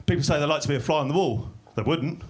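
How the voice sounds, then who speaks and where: A man doing stand-up comedy in a small club, delivering dry, deadpan one-liners that break into sudden shouted bursts. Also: fairly high pitch, fast, noisy background. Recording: live club recording with audience laughter. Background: crowd laughing.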